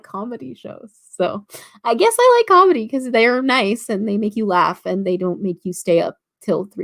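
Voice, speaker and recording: A young woman from Toronto with a Canadian accent, hosting a casual writing livestream, chatty and full of fillers as she reads viewer comments aloud. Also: medium pitch. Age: about 19.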